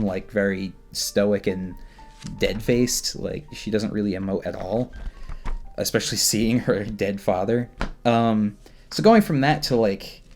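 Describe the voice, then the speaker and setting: A man's voice: fairly low pitch, a little mellow. A man giving an informal, rambling comic book review, laughing often and poking fun at himself. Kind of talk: informal discussion to camera.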